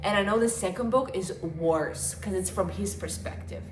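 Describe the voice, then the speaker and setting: A woman's voice: medium pitch, normal speed, background noise. A woman in her twenties chatting casually and gushing about books, her talk full of fillers. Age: 20s. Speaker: book vlogger. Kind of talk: casual chat. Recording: echoey room.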